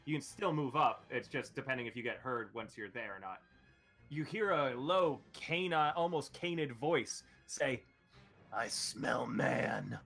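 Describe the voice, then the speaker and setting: A man's voice: medium pitch, normal speed, a bit bright, faint music behind. A man narrating as game master, explaining rules with lots of fillers.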